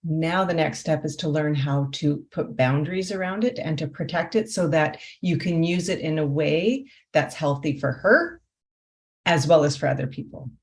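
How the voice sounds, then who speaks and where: A woman's voice: low-pitched, normal speed. A woman life coach talking through her work in an interview, reflective, often posing rhetorical questions. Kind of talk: conversational interview.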